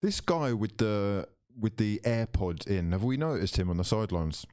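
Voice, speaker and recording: A man doing live commentary for his football watchalong stream, switching between mock commentator patter and loud, excited outbursts. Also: lowish voice, moderate pace, smooth, no room sound, clean studio sound.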